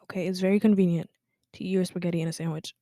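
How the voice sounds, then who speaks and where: A woman's voice: fairly low pitch, fairly even intonation, rapid-fire, mellow, no echo. A teenage woman from Guinea hosting a casual personal podcast, chatty and full of fillers, dropping to a whisper at times. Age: teens. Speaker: podcast host.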